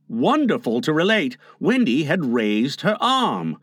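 A man reading a children's novel aloud as an audiobook narrator, with expressive delivery. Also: fairly high pitch, measured pace, no room sound, studio quality.

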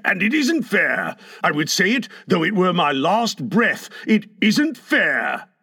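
A man's voice: high-pitched, big pitch swings, takes it slowly, sharp tone, breathy edge, heavily acted. A man playing a pompous blustering father. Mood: indignant. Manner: blustering, indignant. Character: pompous, self-pitying middle-aged father.

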